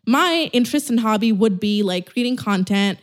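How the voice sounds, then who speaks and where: A woman's voice: a little high, lively intonation, normal speed. A young woman whose first language is not English, hosting a casual solo podcast, blunt and swearing, acting out little dialogues. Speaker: podcast host.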